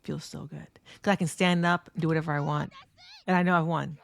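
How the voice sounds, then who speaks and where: A woman giving excitable, profane commentary over footage of her own fighting game matches and talking straight to viewers. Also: sits low, brisk, vocal fry, no room sound. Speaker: competitive fighting game player. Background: faint background music.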